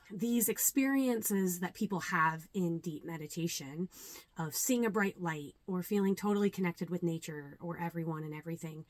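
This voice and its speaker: A young adult woman, a yoga teacher, talking earnestly and reflectively to camera, with many ums and pauses. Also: on the low side, no echo. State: a little nervous. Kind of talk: casual talk to camera.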